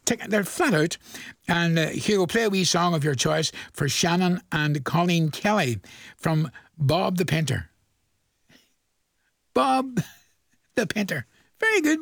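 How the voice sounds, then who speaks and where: A man's voice: a little high, creaky, dry recording, clean studio sound. A man hosting a radio show, chatting and reading out dedications in a jokey way, laughing often. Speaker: radio host. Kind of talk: casual radio chat with dedications.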